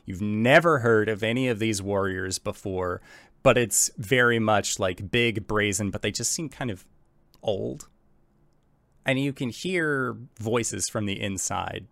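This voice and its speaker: A man narrating a tabletop game as game master, describing scenes in a relaxed way full of fillers. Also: on the low side, measured pace, vocal fry, no echo.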